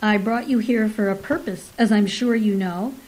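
A woman's voice: medium pitch, normal speed, a little mellow, close to an everyday voice, rough recording. A woman reading aloud, voicing a boastful Elizabethan male conjurer who declaims in archaic speech. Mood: gloating.

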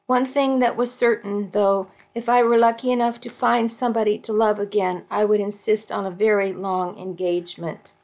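A woman volunteer reading a romance novel aloud for a radio program, in a slow, measured way. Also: medium pitch, fairly even intonation, darkish tone. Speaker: volunteer reader.

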